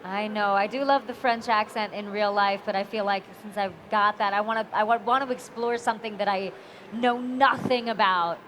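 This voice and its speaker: A woman voice actor answering fan questions at a convention panel, expressive and animated. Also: mid-range voice, a little hiss or hum. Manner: animated, expressive, quick to laugh. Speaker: voice actor guest. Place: convention hall.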